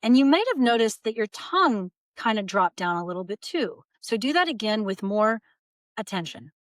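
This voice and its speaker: A woman voice coach, seated in her small studio, calmly guiding listeners through breathing and projection exercises. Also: medium pitch, moderate pace, no echo. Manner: calm, guiding, breaks into vocal demonstrations. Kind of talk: instructional voice lesson. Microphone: seated at camera.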